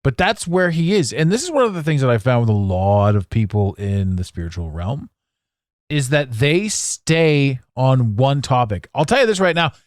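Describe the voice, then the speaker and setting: A man hosting a solo podcast monologue, animated and theatrical, swearing now and then. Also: medium pitch, moderate pace, no room sound, studio quality. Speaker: podcast host.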